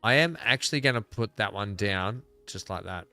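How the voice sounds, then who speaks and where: A man's voice: fairly low pitch, expressive, normal speed, gravelly, pushed and bright, no echo, faint music behind. An Australian man giving casual, rambling gameplay commentary, thinking aloud as he plays. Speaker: gaming video creator.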